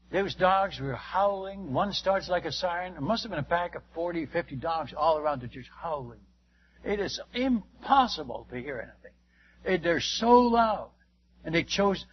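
A man with a high, slightly husky voice spins a rambling missionary anecdote, full of exclamations and false starts. The recording is dull and lo-fi, as if from an old tape. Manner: lively, exclamatory, many restarts. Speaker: missionary preacher. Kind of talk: anecdotal storytelling to a listener.

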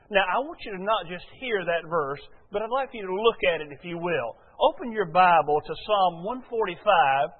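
High-voiced pastor in an echoing hall. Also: male voice, animated, narrow, tinny audio. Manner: conversational, asks congregation questions, many "uh" fillers; slow and deliberate reading scripture aloud. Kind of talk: sermon. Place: church sanctuary before a congregation.

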